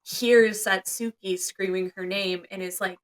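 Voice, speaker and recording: A woman's voice: medium pitch, fairly even intonation, unhurried. A young woman co-hosting a podcast, chatting casually and animatedly about a movie, acting out characters' lines. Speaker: podcast co-host.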